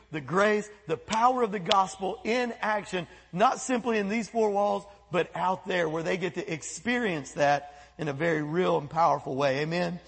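A man preaching a sermon as pastor, animated, breaking into quoted voices and asides. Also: sits high, creaky, breathy edge, long reverb tail. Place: church sanctuary.

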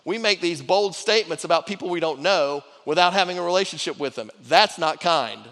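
A man's voice: sits high, expressive, fairly quick, a bit bright. A middle-aged man preaching a sermon to his church in a conversational way, repeating words and restarting phrases as he goes. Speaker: pastor. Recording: long hall reverb.

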